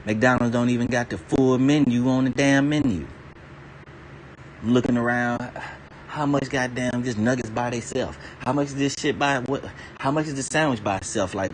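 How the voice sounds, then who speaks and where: A man's voice: mid-range voice, slight background noise. A man streaming and ranting casually, swearing constantly, laughing now and then, and drifting from topic to topic. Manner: profane, laughs between lines, digresses freely. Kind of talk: casual rambling rant.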